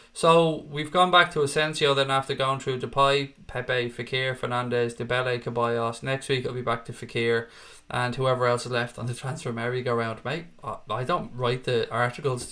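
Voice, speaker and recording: A man from Ireland speaks at normal speed with a medium-pitched voice, fairly even intonation, and a sharp tone. He hosts a fan channel, giving casual live-chat commentary as he rambles through viewer comments with self-deprecating asides.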